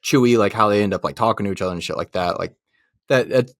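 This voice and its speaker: A man's voice: lowish voice, fast, no echo. Podcast guy ranting about movies, swears a lot, laughs mid-sentence, dead dry sound. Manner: profane, loose, laughs while ranting. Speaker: podcast co-host. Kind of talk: casual chat.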